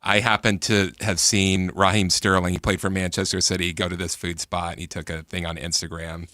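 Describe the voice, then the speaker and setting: A man's voice: sits low, level tone, brisk, bright, forceful tone, no room sound. An American man co-hosting a casual sports talk radio show in a studio, telling stories in a laid-back way. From United States. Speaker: radio co-host.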